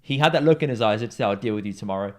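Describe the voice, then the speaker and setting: A young man from in England, co-hosting a podcast, telling a pub story in a casual chat and acting out the people he quotes. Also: racing. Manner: animated storyteller, acts out quoted voices with big pitch jumps. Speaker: podcast co-host.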